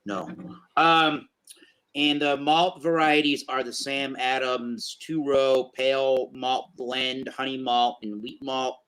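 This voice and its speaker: A man's voice: medium pitch, level tone, takes it slowly, a bit bright, clear, resonant tone, poor audio. Chatty man reviewing beer. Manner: chatty, rambling tasting notes with fillers. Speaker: beer review show host. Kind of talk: casual beer review chat.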